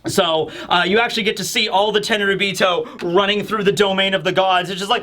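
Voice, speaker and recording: A man giving casual, rambling commentary on a manga chapter, animated and full of fillers. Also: high voice, fairly quick, few pauses. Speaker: manga reviewer.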